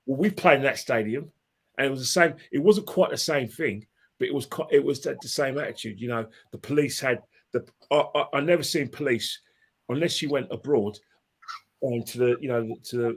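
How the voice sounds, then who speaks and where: A man's voice: mid-range voice, normal speed, breathy edge. Rambling, impassioned male football fan. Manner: rambling, with many restarts and repeated phrases. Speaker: podcast guest, football fan. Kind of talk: casual anecdotal storytelling.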